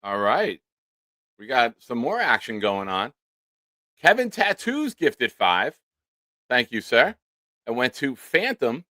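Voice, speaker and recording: A man's voice: medium pitch, moderate pace, dry recording. A man hosting a casual sports livestream, thanking supporters by name and swearing freely. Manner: animated, swears casually, reads out supporter names. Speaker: sports talk show host.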